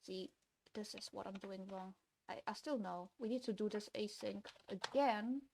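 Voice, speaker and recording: A woman's voice: mid-range voice, moderate pace, creaky, darkish tone, slight background noise. A young woman streaming her game development, talking to herself while she codes, swinging from frustrated to gleeful. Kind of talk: casual livestream commentary while coding.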